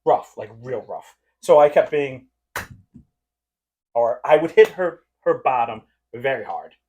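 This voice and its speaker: Man, podcast co-host, casual chat, lively swinging pitch, laughing storyteller. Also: measured pace, a little hiss or hum.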